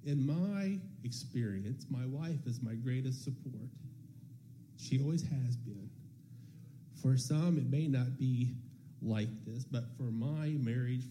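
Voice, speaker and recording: A man's voice: medium pitch, warm tone. A man sharing a personal testimony in church, telling the story casually and acting out bits of dialogue.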